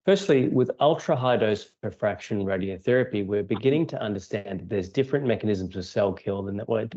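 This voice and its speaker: A man, a radiation oncologist giving a measured, technical conference talk over a video call. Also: on the low side, a little mellow. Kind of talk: prepared conference lecture. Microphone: remote video call. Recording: dull lo-fi video call audio.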